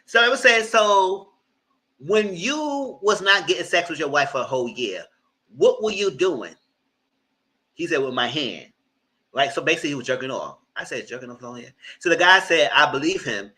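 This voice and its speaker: A man giving live commentary on a reality TV show, animated and cussing, mocking the people in it. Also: fairly high pitch, normal speed, poor audio. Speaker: reality TV reviewer.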